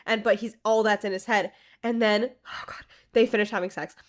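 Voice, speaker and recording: Gushing, excitable woman podcaster. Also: mid-range voice, a little fast. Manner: gushing, animated, swearing, full of fillers. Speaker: podcast co-host. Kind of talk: casual chat.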